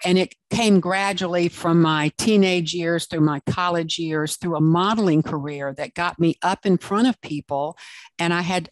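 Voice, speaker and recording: A woman's voice: on the low side, no room sound. A woman from South Carolina with a Southern accent, a guest author and speaker telling her story in an interview in an earnest, emphatic way.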